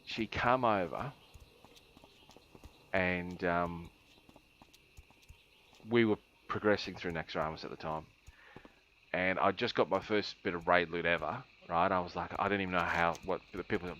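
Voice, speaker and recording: A man's voice: low-pitched, fairly even intonation, unhurried, long pauses, fairly bright tone, highs cut off, a little hiss or hum. A man streaming a game, telling a long rambling story with laughs and many ums.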